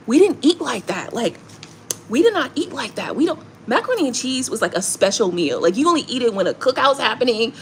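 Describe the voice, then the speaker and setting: Animated woman telling stories to her viewers. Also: a little high, a little hiss or hum. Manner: animated storytelling, swearing, frequent laughter. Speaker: tarot reader hosting a live stream. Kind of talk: casual chat with viewers.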